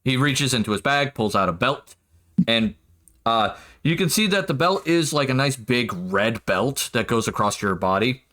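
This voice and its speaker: A man narrating as game master of a tabletop game, laughing often and getting excited. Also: mid-range voice, moderate pace.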